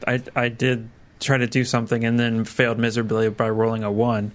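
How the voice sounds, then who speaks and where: A man's voice: mid-range voice, monotone, brisk. A man player on a tabletop game podcast who rambles and makes fun of himself. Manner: self-deprecating, rambling jokes. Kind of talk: casual chat.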